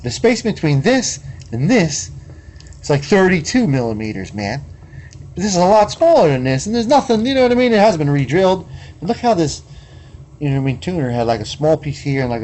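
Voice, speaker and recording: A man's voice: on the high side, sing-song, brisk, darkish tone, slight background noise. A man hosting a casual video journal, rambling in a laid-back way and keeping up a running "you know what I mean" as he looks over an old guitar. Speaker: guitar collector and video host.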